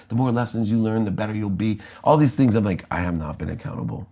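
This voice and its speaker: An American man, a guest in an interview, telling an animated story about his life and acting out the dialogue. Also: lowish voice, fast talker. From United States.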